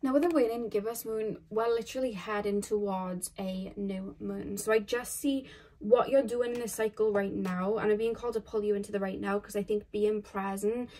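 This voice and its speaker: A woman's voice: mid-range voice, steady tone, moderate pace, a little mellow. A woman giving a casual pick-a-card tarot reading to her viewers. She talks loosely, with many fillers and restarts, and addresses the audience as "you guys".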